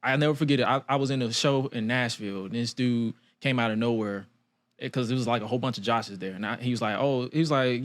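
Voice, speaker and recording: A man's voice: mid-range voice, fast. Young man telling stories on a podcast. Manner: loose, storytelling with quoted asides and frequent laughs. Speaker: podcast host. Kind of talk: casual chat.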